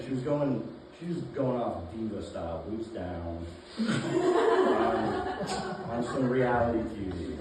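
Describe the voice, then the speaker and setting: A man performing a deadpan stand-up set in a comedy club, halting with many fillers. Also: medium pitch, background noise. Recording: roomy club sound from a distance, audience laughter. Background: audience laughing.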